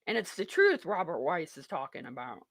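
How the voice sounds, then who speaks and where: A woman's voice: low-pitched, very animated, fairly quick, no echo. A woman hosting a live political talk show, rambling and mocking in a sarcastic tone. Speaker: show host.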